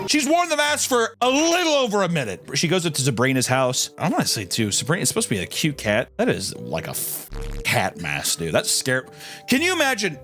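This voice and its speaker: A man casually recapping a movie for laughs, animated and jumping into silly voices. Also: fairly high pitch. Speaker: commentator reacting to a movie.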